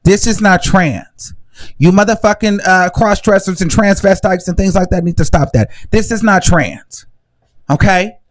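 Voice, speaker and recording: A man's voice: high-pitched, normal speed. A young adult man hosting a live stream, ranting bluntly and profanely. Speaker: host.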